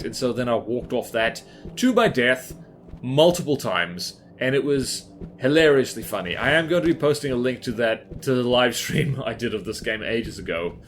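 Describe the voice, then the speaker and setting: A man chats his way through gameplay commentary in a mid-pitched voice. He rambles, pokes fun at himself and fills his talk with "like" and "um". Faint game music runs underneath. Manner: chatty, rambling, self-deprecating, many fillers. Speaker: gaming YouTuber.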